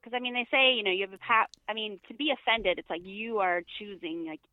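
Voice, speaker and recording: A woman's voice: mid-range voice, fast talker, dry recording. A woman guest chatting casually on a podcast, talking in loose bursts with many fillers and restarts. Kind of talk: casual chat. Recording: tinny phone-line audio.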